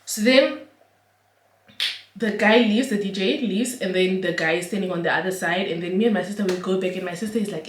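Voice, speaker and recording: A young woman, telling an animated, slangy storytime for her vlog. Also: mid-range voice, brisk, slight background noise. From Namibia. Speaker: vlogger. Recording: roomy echo.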